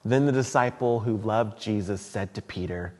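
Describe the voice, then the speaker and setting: A man preaching a sermon in a church, retelling scripture in a casual, animated storytelling way. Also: fairly low pitch, normal speed, long reverb tail. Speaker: pastor.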